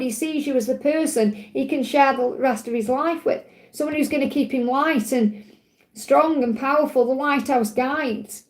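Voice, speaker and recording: Woman, live-stream card reader, high voice, gentle and reassuring, repetitive phrasing. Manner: soothing, reassuring, repeats key phrases. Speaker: tarot reader hosting a live Q&A.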